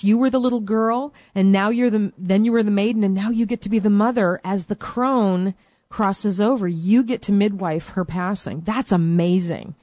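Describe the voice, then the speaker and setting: A woman's voice: medium pitch, a little mellow, no echo. A middle-aged woman hosting a call-in radio show, giving spiritual advice to a caller in a soothing, affectionate way with pet names.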